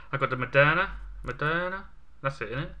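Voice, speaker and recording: A man's voice: on the high side, fairly quick, pushed and bright. A young man telling jokey stories in laid-back casual chat. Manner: laid-back, joking storytelling.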